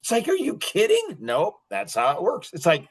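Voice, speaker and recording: Man, high-pitched, middle-aged, podcast host, emphatic, repetitive, ranting monologue. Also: huge pitch swings, moderate pace, husky. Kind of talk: impassioned monologue.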